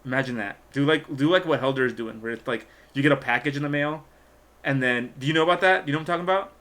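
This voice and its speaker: A man's voice: mid-range voice, quick pace, a bit bright. A man hosting a casual live stream, rambling along with many fillers and trailing thoughts. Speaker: stream host and magician.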